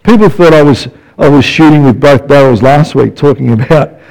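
A man's voice: on the high side, normal speed, vocal fry, a little mellow, rough recording. A man preaching a conversational sermon to his church, often checking in with the congregation. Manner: conversational preaching with frequent "yeah?" check-ins. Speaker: pastor.

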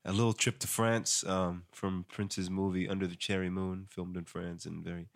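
Low-voiced dude on a podcast, laid back, lots of ums, trips over tongue twisters. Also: male voice, moderate pace, gravelly. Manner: relaxed, fillers, stumbles on tongue twisters. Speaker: podcast co-host. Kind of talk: casual chat.

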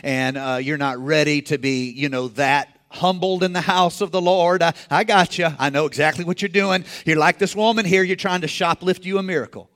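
A man preaching a sermon in a conversational way, rising to shouts and acting out the people in the story. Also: a little high, steady tone, normal speed, few pauses. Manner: acts out quoted characters in the story. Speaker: pastor.

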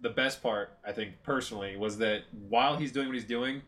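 A man hosting a casual podcast chat, retelling movie scenes in a lively way and swearing freely. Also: medium pitch, brisk. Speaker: podcast host.

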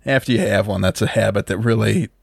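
A man's voice: fairly low pitch, quick pace, creaky, no echo, studio quality. A man in casual chat about a movie, riffing playfully and quoting characters. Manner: playful, riffs on the joke, quotes characters. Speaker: podcast co-host.

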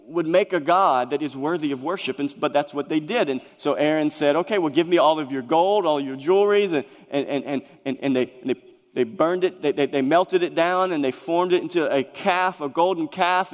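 A man preaching a sermon to his congregation, earnest and emphatic, often stumbling and restarting his words. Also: fairly high pitch. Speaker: pastor. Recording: long reverb of a large hall.

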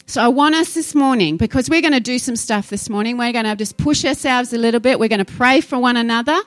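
A woman's voice: on the high side, fast talker, dry recording. A woman preaching a sermon, fervent and exhorting, rising into urgent appeals to her congregation.

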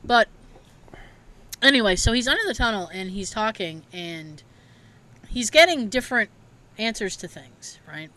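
A woman's voice: medium pitch, lively intonation, a little slow, pauses often, pushed and bright. Chatty, laughing woman telling stories. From Massachusetts. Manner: chatty storyteller who acts out quotes and laughs often. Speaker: podcast co-host. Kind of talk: casual chat.

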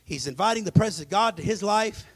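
A male pastor preaching a dramatic sermon, swinging between loud emphasis and hushed asides. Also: high-pitched, lively intonation, quick pace, no room sound. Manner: acts out scripture voices.

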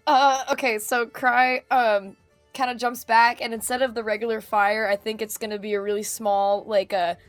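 A woman playing a tabletop game, describing her move in a halting way with many fillers. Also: fairly high pitch, flat delivery, no echo, faint music behind. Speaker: player. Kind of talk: casual tabletop play.

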